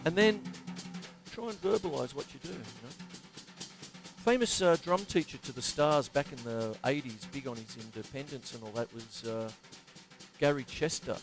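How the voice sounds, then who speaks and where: A man's voice: medium pitch, moderate pace, over music. An Australian man giving a live-streamed drum lesson in a chatty, digressive way, often laughing at himself. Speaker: drum teacher.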